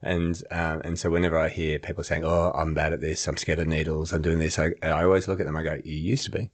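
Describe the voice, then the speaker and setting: A man's voice: extremely low pitch, level tone, quick pace. A man chatting on a podcast, explaining his ideas through acted-out examples and laughing often. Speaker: podcast co-host and memory trainer. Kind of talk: casual podcast chat.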